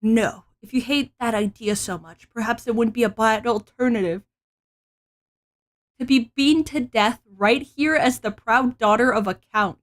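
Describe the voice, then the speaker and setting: A woman's voice: a little high, moderate pace, close to an everyday voice. A woman reading a cold, cruel noble father. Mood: threatening. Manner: contemptuous, threatening.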